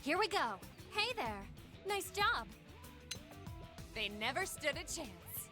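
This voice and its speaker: A woman voicing an upbeat young woman soldier from a video game, cocky in battle, with a high, bright and bouncy voice. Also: big pitch swings, slow pace, exaggerated voice. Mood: perky. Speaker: selectable player character voice. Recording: game audio with music underneath.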